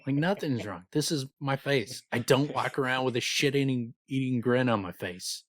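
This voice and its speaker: A man's voice: medium pitch, normal speed. A man co-hosting a book podcast, chatting casually and profanely with a regional US accent. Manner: profane, animated, does voices when reading quotes. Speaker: podcast co-host. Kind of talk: casual chat and book reread.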